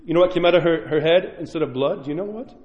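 A man, an Orthodox priest, preaching a sermon with animated storytelling and questions to the congregation. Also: fairly high pitch, rapid-fire, echoey room, long reverb tail, muffled recording. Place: church.

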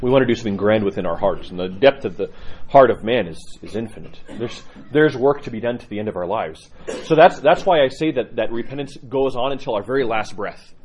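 A man's voice: mid-range voice, animated, fairly quick, darkish tone, a little hiss or hum. A man teaching a catechism lecture, earnest and emphatic, often repeating himself for weight.

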